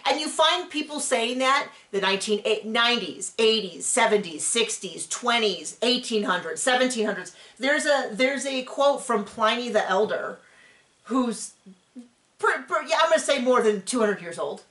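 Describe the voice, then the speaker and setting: Middle-aged female recap co-host, higher voice, animated and rambling, echoey room. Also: normal speed. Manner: animated, acts out quotes, rambling asides. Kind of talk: casual chat recapping a reality show.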